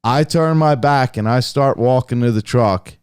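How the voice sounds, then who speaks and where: A young man telling a hunting story casually on a podcast, animated and heavily profane. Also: medium pitch, moderate pace, smooth, no echo, studio quality. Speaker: podcast guest, hunter.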